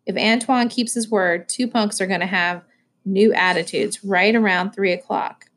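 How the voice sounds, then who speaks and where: A woman reading aloud voices a calm, fearless teenage farm boy who speaks matter-of-factly. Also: medium pitch, normal speed.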